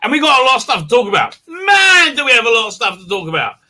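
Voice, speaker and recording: A man's voice: high voice, big pitch swings, rapid-fire, bright, forceful tone. A man hosting a casual live stream, talking in a rambling, sardonic way with many restarts.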